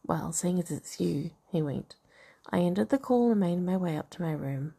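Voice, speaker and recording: A woman's voice: fairly low pitch, expressive, normal speed, vocal fry, mellow, breathy edge. A woman reading a novel aloud in a casual way, with asides and comments on the text. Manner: reads dialogue and narration, breaks off to comment and laugh. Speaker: reader of a novel.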